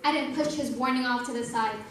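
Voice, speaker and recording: A woman's voice: fairly high pitch, fairly even intonation, brisk. Young woman preaching in an echoey hall. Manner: earnest, storytelling, says "like" a lot. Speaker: youth speaker. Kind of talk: sermon testimony. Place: church hall. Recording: echoey church hall, mic from a distance, faint noise.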